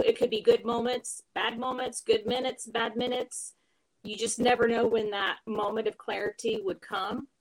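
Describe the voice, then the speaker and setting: A middle-aged woman tells her story in an interview, her voice sitting a little high. She speaks earnestly and with feeling, pausing now and then to reflect. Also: poor audio. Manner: earnest, emotional retelling with reflective pauses. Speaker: caregiver telling her story.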